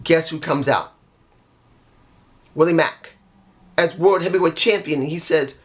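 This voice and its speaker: Man, somewhat high voice, casual vlog storyteller who acts out the quotes. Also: a little slow, pauses often. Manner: animated, jumps into quoted voices. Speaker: vlogger.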